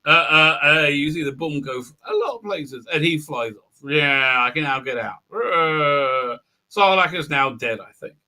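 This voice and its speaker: A man with a high, very bright voice hosts a livestream. He recaps a show in a loose, rambling way, full of "uh, uh" fillers. He keeps breaking into mocking character voices. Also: lively intonation, unhurried. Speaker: host of a fan commentary livestream. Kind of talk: casual recap with mocking impressions.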